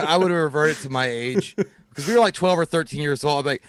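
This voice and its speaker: A man's voice: fairly high pitch, quick pace, no room sound. A man co-hosting a movie talk show, chatting casually with crude jokes and a lot of swearing. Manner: crude, laughing, puts on silly voices. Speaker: podcast co-host. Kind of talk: profane casual chat.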